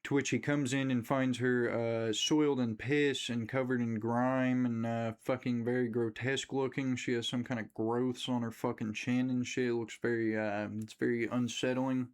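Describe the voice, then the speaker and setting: A man ranting casually through a movie recap, telling it with lively, profane storytelling. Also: medium pitch, moderate pace, few pauses, clear, resonant tone. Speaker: movie reviewer.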